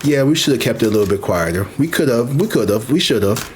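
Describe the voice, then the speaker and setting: A man in his thirties telling a story in a casual, profane, animated way, as a vlogger. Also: mid-range voice, fast talker, a little hiss or hum. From Missouri, USA. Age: 30s.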